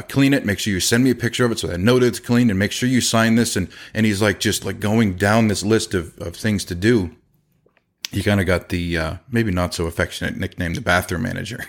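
A middle-aged man hosting a podcast, casually telling stories about his employees, acting out their quoted dialogue and laughing often. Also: low-pitched. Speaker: podcast host and business owner. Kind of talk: casual storytelling.

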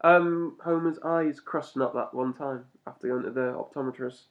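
A talkative man co-hosting a podcast, breaking into laughs and sudden animated bursts as he chats. His voice sits at a middling pitch. The recording is slightly muffled and lo-fi. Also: normal speed. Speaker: podcast co-host. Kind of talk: casual chat reviewing a cartoon episode.

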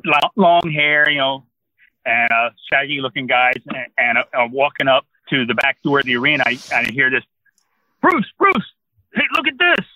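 A New Jersey man in his sixties, appearing as an interview guest, tells a long, rambling anecdote in casual conversation. His medium-pitched voice sounds pushed and bright, with a steady tone and moderate pace. The recording is dry but poor in quality.

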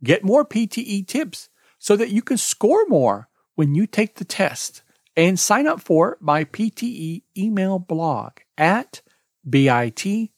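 Slow, lively-voiced male exam tutor. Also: high voice, no room sound, studio quality. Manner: slow, deliberate, spells out links letter by letter. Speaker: exam prep podcast host. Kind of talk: scripted podcast lesson.

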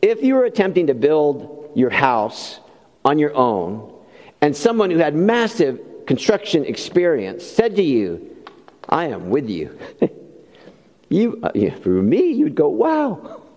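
A man's voice: fairly high pitch, huge pitch swings, a little slow, a little mellow. A middle-aged man preaching a sermon, telling a funny story about himself and laughing at his own mishaps. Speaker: pastor. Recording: long hall reverb.

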